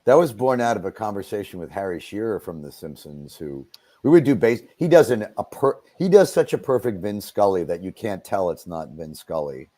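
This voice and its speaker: A middle-aged man, a voice actor, talking as a guest on a radio show in a relaxed, self-deprecating way, with halting fillers. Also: on the low side, dry recording. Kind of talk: radio interview. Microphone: studio mic.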